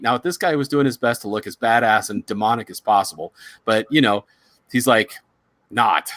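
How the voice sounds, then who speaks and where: A man hosting a casual chat, telling a story in a rambling, halting way with many restarts. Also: lowish voice, fairly bright tone, dry recording. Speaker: psychic reader, show host.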